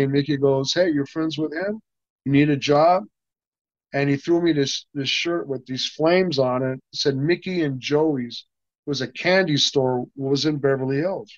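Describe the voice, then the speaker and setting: A man's voice: medium pitch, steady tone, moderate pace, dry recording. Rambling older man telling a story. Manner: rambling, many restarts, acts out quoted dialogue. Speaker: interview guest, stuntman. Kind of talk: casual anecdotal storytelling. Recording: dull, dry sound.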